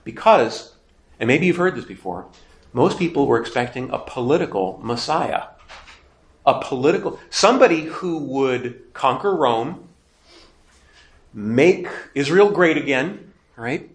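A man's voice: mid-range voice, lively intonation, unhurried, long pauses, roomy sound. A man teaching a Bible class, emphatic and conversational, asking questions and then answering them himself. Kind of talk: catechism lecture.

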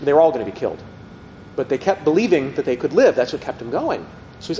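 A man's voice: very animated, quick pace, mellow. A middle-aged man teaching a group about faith, speaking conversationally and often asking the audience questions. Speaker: Catholic teacher. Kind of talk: storytelling talk to a group. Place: meeting room with tables. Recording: reverberant hall, faint rumble.

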